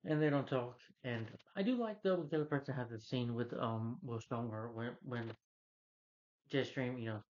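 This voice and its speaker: A man's voice: medium pitch, normal speed, darkish tone. A man casually retelling a movie plot in a loose, rambling way, filling gaps with "you know" and "he's like". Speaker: film reviewer. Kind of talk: casual spoken movie recap. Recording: slightly dull lo-fi recording.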